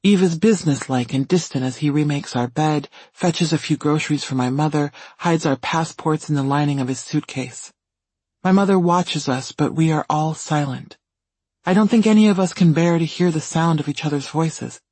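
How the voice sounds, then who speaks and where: A man reading a first-person story in calm, even scripted narration. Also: a little high, normal speed, breathy edge, dry recording. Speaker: audiobook reader.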